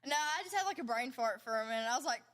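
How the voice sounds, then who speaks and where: A young adult woman hosting a podcast, playful and quick to giggle in casual chat. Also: high-pitched, lively intonation, fairly bright tone. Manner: giggly, laughs often, playful. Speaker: podcast host.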